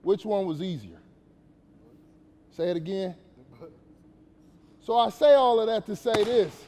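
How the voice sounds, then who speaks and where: A man's voice: high voice, unhurried, warm tone, long reverb tail. A man giving a casual, slangy motivational talk to young players at a basketball camp, questioning the kids as he goes.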